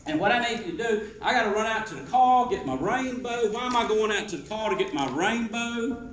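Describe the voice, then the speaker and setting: High-voiced sales trainer in a hall. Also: male voice, brisk, distant mic. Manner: animated, quizzes the audience, acts out sales pitches. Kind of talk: sales rally talk to a live audience. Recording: roomy hall echo with faint noise.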